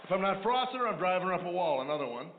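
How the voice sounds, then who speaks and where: A man's voice: high-pitched, very animated, rapid-fire, roomy sound. A man doing a stand-up routine, telling wry, sarcastic stories about married life. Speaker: stand-up comedian. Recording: tinny phone-like line with noise.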